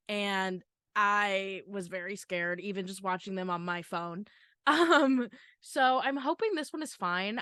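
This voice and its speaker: Chatty, bright-voiced woman. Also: mid-range voice, smooth, no room sound, clean studio sound. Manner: chatty, nervous, giggly, with many fillers. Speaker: podcast co-host. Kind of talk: casual podcast chat.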